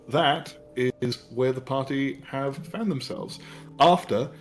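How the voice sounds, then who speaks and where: A man narrating a tabletop game as dungeon master, rambling and hesitant with many fillers. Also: medium pitch.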